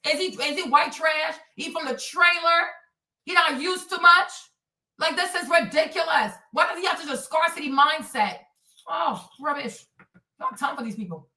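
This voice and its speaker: A woman hosting a livestream, delivering a heated commentary rant that is animated and profane, with phrases repeated for emphasis. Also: sits high, far from the mic. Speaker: livestream host. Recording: roomy and off-mic.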